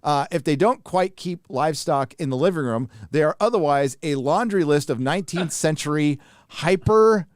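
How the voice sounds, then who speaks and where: A man's voice: fairly high pitch, animated, fairly quick, no room sound, clean studio sound. A man hosting a casual panel podcast, reading an article aloud with joking asides and stumbling over long words. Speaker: podcast host.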